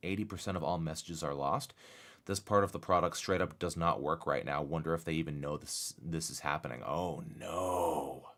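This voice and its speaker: A young man streaming a game live, chatting with his viewers and swinging from low muttering to excited exclamations. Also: moderate pace.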